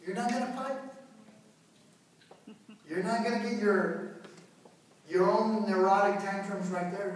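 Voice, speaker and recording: Male priest, lively joking delivery; high voice, heard distant in a booming church. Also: normal speed, pauses often, heavy reverb, a little hiss or hum. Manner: animated and joking, acts out parents and children. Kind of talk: parish talk to families.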